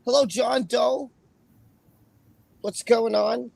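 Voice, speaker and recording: A man's voice: very high voice, fairly even intonation, slow pace, gravelly, a little mellow, no room sound. A man hosting a casual livestream, greeting chat viewers by name in a chatty way. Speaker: livestream host.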